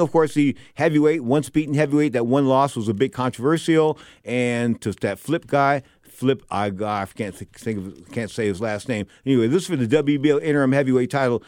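A man's voice: fairly high pitch, no room sound, studio quality. An older man hosting a boxing talk show, giving casual commentary in a rambling, digressive way full of wisecracks.

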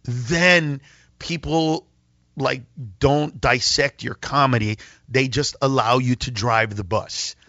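A male comedian guest telling an animated story on a talk radio show, acting out voices and laughing often. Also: medium pitch, takes it slowly, dry recording, lo-fi sound. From Mexican-American.

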